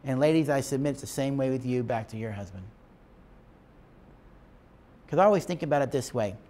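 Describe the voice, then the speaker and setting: A man's voice: mid-range voice, a little fast, dark tone. A man giving a lecture to couples, speaking in an emphatic, preacher-like way and asking his class questions. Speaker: marriage teacher.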